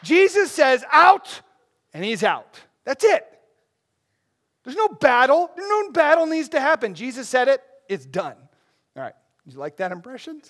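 A pastor preaching an expository sermon in a conversational, animated way, with frequent asides to the congregation. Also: male voice, extremely high pitch, moderate pace.

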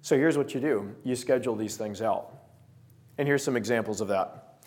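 A young man preaching a sermon to a small gathering, telling stories and acting out quoted voices. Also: medium pitch. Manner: animated storytelling with voiced quotes.

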